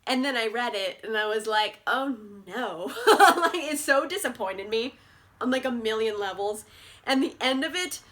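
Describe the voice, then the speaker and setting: A woman's voice: fairly high pitch, animated, normal speed, fairly bright tone. A young woman vlogging about books in casual chat, bubbly and gushing, with lots of "like" fillers. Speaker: book vlogger.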